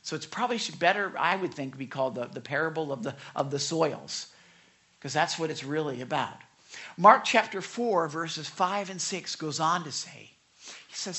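A pastor preaching a conversational, animated sermon with frequent asides and self-corrections. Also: medium pitch, moderate pace.

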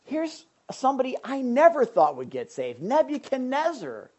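A woman preaching a sermon in an animated, conversational way, full of emphatic asides to the congregation. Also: high voice, normal speed, husky.

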